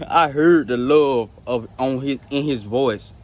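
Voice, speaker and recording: A man casually telling a personal faith testimony, rambling and repeating himself with many restarts, earnest and soft-spoken in places. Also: medium pitch, slow. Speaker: storyteller sharing a faith testimony.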